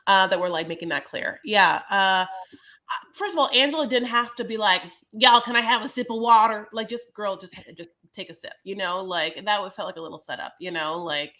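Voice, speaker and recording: A woman's voice: medium pitch, a little fast, bright, forceful tone. A woman co-hosting a podcast, chatting casually and sassily about a reality show, calling listeners honey. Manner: chatty, sassy, calls listeners "honey" and "my loves". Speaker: podcast co-host. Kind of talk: casual reality-TV recap chat.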